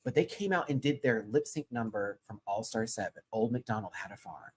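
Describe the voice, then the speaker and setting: A man hosting his own channel, chatting casually through a recap of a live show, slangy and gushing, with sudden high excited exclamations. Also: fairly quick, breathy edge. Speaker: channel host.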